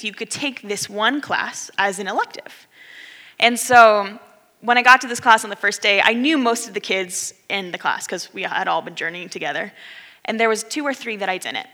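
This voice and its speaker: A woman in her thirties telling a story in a conversational sermon, acting out the people in it. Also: mid-range voice. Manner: animated, conversational, acts out quoted voices. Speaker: speaker giving a talk. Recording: long hall reverb.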